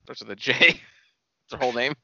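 A man's voice: medium pitch, quick pace, creaky, bright, forceful tone, muffled recording. A man co-hosting a casual podcast, laid-back and profane, reading out episode titles and stumbling over the pronunciation. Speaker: podcast co-host.

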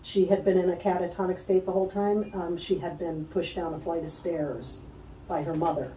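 A woman telling a personal story as a guest in an interview, animated, acting out the voices of other people and laughing often. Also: lowish voice, moderate pace, roomy sound, distant mic, slight background noise, low-quality recording. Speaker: guest, spiritual healer.

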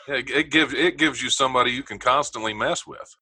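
A man's voice: mid-range voice, quick pace, sharp tone, husky, dry recording, rough recording. A man hosting a radio interview show, joking with his guest and laughing often.

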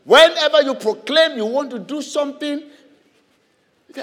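A man preaching a sermon in church, animated, firing questions at the congregation and laughing between lines. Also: very high-pitched, unhurried, pauses often, in a large hall.

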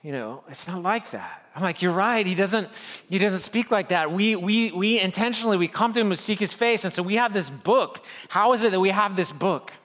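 High-voiced pastor preaching in a reverberant hall. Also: male voice, a bit bright. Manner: earnest preaching with rising, pleading emphasis and repeated phrases. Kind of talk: sermon.

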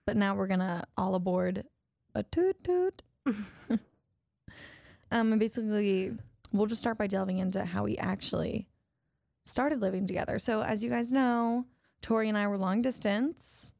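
A woman's voice: medium pitch, steady tone, moderate pace, vocal fry, darkish tone, dry recording, clean studio sound. A young woman co-hosting a casual podcast, playful and laughing often as she talks. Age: young adult. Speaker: podcast co-host. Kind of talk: casual chat.

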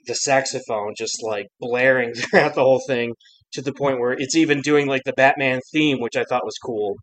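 A man in easy podcast chat, rambling through his thoughts with many restarts and little laughs. His voice sits at an ordinary middle pitch. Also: rough recording. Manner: rambling, self-interrupting, laughs often. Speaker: podcast co-host. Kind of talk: casual chat about a cartoon episode.

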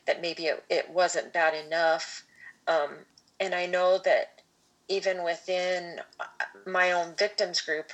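A woman podcast host speaking in a measured, reflective way, often restarting her phrases. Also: on the low side, rough recording. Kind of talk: podcast conversation.

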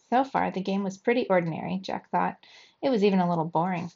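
A woman reading a children's chapter book aloud to young students, steady and clear, with lively shouts for the characters. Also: on the low side, quick pace. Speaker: storybook reader for young children. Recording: dull lo-fi recording.

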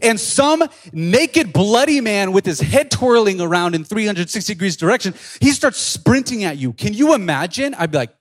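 Excitable young male youth pastor. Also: high voice, moderate pace, hardly any pauses. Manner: animated and excitable, slangy. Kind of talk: casual youth sermon.

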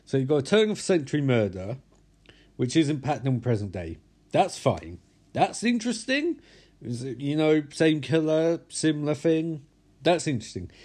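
A man's voice: on the high side, big pitch swings, normal speed, a little mellow. A tired man reviewing a movie in a casual vlog, rambling and blunt, swearing freely.

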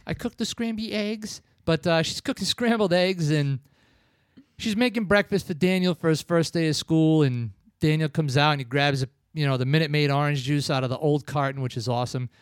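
A man's voice: a little high, brisk, smooth, no room sound, clean studio sound. A man in his thirties casually reviewing an old film, rambling and acting out the scenes in voices. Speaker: podcast co-host. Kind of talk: casual movie-review chat.

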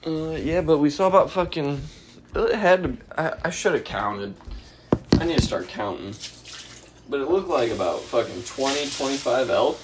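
Hosting a casual solo podcast, a man rambles, swears, and pokes fun at himself. His slightly high voice is expressive and moves at a moderate pace, with background noise behind it.

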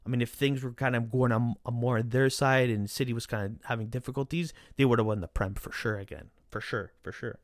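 A man hosting a football vlog, recapping matches in a casual, animated way, swearing freely as he rants. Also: medium pitch, a little fast, hardly any pauses, no room sound, clean studio sound.

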